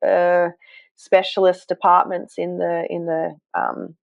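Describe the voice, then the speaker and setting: A woman, a health coach, telling her story to a podcast host in an earnest, animated way, with self-deprecating asides. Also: fairly low pitch, slow pace, gravelly, dry recording. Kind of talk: conversational storytelling. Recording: dull, dry sound.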